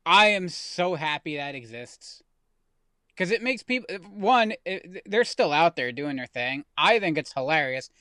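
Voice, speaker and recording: A man's voice: a little high, expressive, measured pace, sharp tone, no room sound. Rambling man on a dry mic. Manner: rambling, self-correcting. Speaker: podcast co-host. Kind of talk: casual chat.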